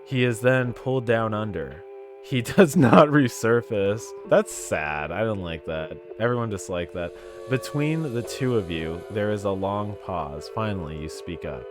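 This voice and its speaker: Music plays in the background as a man with a fairly low, expressive voice reads a text game's narration at an unhurried pace. He breaks off between lines to laugh and make jokes.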